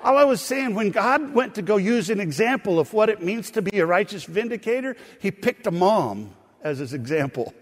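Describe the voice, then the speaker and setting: A man's voice: high-pitched, moderate pace, few pauses. Preaching man in a reverberant hall. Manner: storytelling preacher, animated asides to the congregation. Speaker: pastor. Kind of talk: sermon. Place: church sanctuary.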